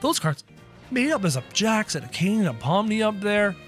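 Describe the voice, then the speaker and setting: A high, lively male voice giving running commentary on a game, excitable and quick to yelp at the action. His pitch jumps all over as he talks to his viewers. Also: faint music behind. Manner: excitable, yelping at the screen. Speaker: gaming channel host.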